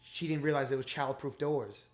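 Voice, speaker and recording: A male stand-up comedian, telling stories in a casual interview, animated and profane, acting out quotes. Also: medium pitch, normal speed.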